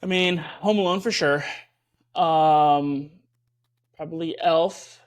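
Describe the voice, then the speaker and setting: A laid-back male podcast co-host with a slightly higher-than-usual pitch. He talks in an easy, joking, conversational way. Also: fairly even intonation, takes it slowly, clear, resonant tone. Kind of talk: casual podcast chat.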